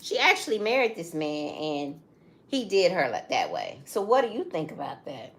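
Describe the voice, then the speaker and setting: A middle-aged co-host with a low, slightly bright voice swoops wildly in pitch while keeping a moderate pace. Chatting casually with her partner, she tells an emphatic story and frequently addresses her listeners directly.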